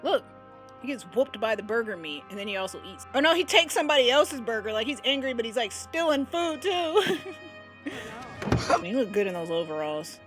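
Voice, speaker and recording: A young woman chatting through a casual reaction video, animated and full of exclamations, her voice pitched a little high. Faint music plays behind her. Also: fairly quick. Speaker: vlogger.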